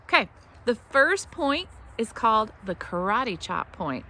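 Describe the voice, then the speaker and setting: A woman teaching a tapping exercise to children, speaking slowly and encouragingly and praising them often. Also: fairly high pitch, sing-song, sharp tone, a little hiss or hum. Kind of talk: gentle instruction for kids.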